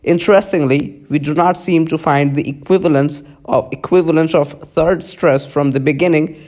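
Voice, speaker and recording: A man's voice: a little high, steady tone, normal speed, darkish tone. A man teaching a lesson, reading lecture notes aloud and often stopping to restart clipped words.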